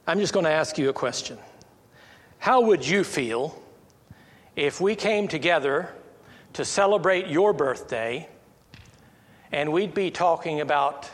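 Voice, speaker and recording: An American man speaks slowly, pausing and restarting as he works through his thoughts. His voice sits a little high for a man, and it rings with a long reverb, as if in a large hall. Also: animated. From United States. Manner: halting, many restarts and fillers, rises when stressing a point. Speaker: Christian speaker. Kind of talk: informal teaching monologue.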